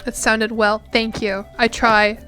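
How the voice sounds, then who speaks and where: Young woman streamer rambling casually, slightly high smooth voice, faint music behind. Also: flat delivery, measured pace, bright, forceful tone. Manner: rambling, chatty, self-deprecating. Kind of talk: casual chat while gaming.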